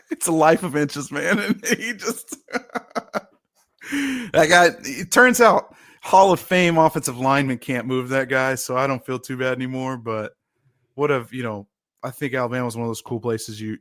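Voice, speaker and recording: Animated male podcast storyteller, dry sound. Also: mid-range voice, moderate pace, no echo. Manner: animated storyteller, shouts quoted lines, laughs often. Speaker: podcast co-host, former lineman. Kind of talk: casual storytelling chat.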